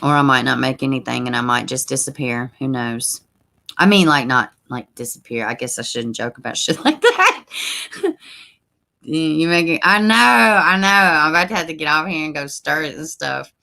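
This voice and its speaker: A woman's voice: sits low, lively intonation, moderate pace, gravelly, sharp tone. A woman hosting a true crime livestream, chatting casually with her viewers, reading their comments aloud and using folksy slang like y'all.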